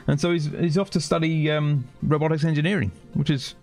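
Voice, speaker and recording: Brief: male gaming streamer, forties, easygoing chat, slightly raised pitch. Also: steady tone, fairly quick, a little mellow, soft background music. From United Kingdom. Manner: chatty, chats with viewers between outbursts at the game. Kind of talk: casual chat while livestreaming a shooter.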